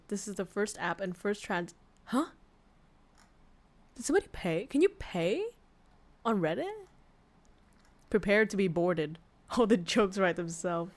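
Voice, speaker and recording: Frank, laughing young woman streamer. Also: medium pitch. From Vietnam. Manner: frank, swears freely, laughs often. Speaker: VTuber streamer. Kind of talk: casual livestream chat reading posts.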